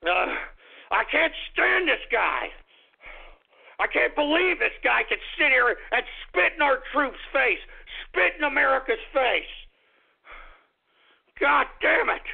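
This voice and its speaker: A man hosting a radio show, ranting angrily about politics, swearing and shouting, repeating his lines. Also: extremely high pitch, gravelly. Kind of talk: angry political radio rant. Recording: tinny phone-like radio broadcast.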